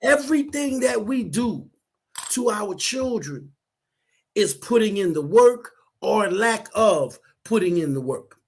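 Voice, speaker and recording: A man's voice: high voice, slow, gravelly, slightly rough. A man who works as a counselor, chatting on a talk show and telling stories with acted-out quotes. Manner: animated storyteller acting out quotes. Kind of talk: casual talk show chat.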